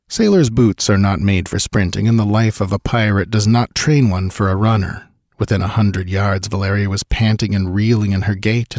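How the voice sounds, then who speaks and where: A man giving audiobook narration in measured, steady storytelling. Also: on the low side, no room sound, clean studio sound.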